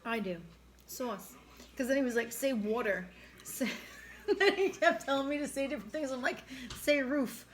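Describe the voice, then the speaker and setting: A woman's voice: high voice, animated, a little fast, slight background noise. A woman from New York with a New York accent, chatting casually and laughing on a mukbang stream, teasing and mimicking how friends talk. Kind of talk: casual chat while eating.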